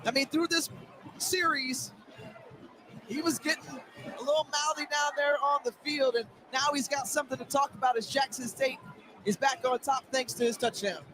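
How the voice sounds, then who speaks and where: A man calling a football game as play-by-play announcer, in a brisk broadcast delivery. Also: very high-pitched, fairly even intonation, crowd noise, noisy background. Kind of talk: sports commentary.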